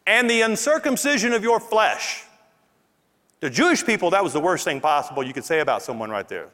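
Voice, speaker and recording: A man with a Louisiana accent preaching a sermon as pastor, animated and emphatic, stretching out key words. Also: high-pitched, brisk. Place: church auditorium with congregation. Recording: long hall reverb in a church.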